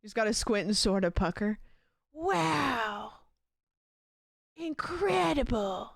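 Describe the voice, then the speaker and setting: A woman's voice: mid-range voice, steady tone, a little fast, dry recording, studio quality. A young woman chatting casually on a live stream, giggling often and reacting aloud to clips.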